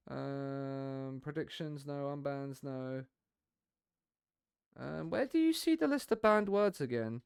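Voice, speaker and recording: Young guy rambling to his stream chat, highish voice, smooth and clean, dry close sound. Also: no echo. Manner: rambling, chatty, talks to viewers while playing. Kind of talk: casual live game stream chat.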